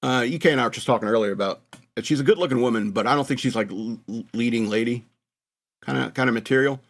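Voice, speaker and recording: A man's voice: medium pitch, fast. An American man hosting a radio show, talking in a rambling, mocking monologue and laughing at his own jokes. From United States. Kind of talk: casual comedic monologue.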